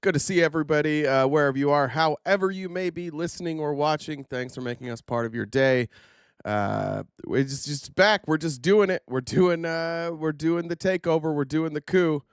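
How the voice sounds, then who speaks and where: A man's voice: normal speed, clean tone, no echo. A sarcastic man talks straight into his livestream camera, his nose stuffed up from a sinus infection. His voice leaps upward whenever he gets worked up. The sound is close and dry. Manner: sarcastic, animated, pitch jumps up when indignant. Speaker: political commentary host. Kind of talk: casual livestream commentary. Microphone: livestream camera setup.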